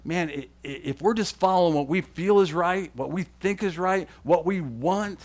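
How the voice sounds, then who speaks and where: A man preaching a sermon to the camera, with emphatic, repeated phrases that swing between loud declarations and hushed, low lines. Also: moderate pace. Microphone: camera mic.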